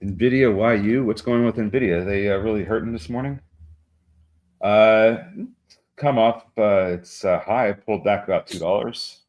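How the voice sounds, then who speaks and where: A man with a low voice talks through price levels on a live trading stream. He halts often and fills gaps with little filler sounds as he watches the charts. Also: darkish tone, muffled recording. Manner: halting, many filler sounds. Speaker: co-host of live market show.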